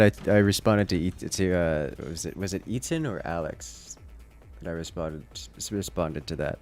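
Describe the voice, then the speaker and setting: A man's voice: low voice, normal speed, darkish tone. An American man with an urban accent, streaming a game and chatting playfully with his viewers. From United States. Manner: playful, joking with chat. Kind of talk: casual livestream chat while playing.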